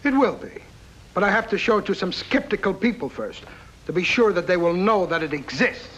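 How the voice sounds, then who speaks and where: An actor playing a scheming, taunting foreign diplomat in a 1950s radio drama, sneering and mocking. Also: male voice, sits high, lively intonation, fairly quick, a bit bright, a little hiss or hum, poor audio.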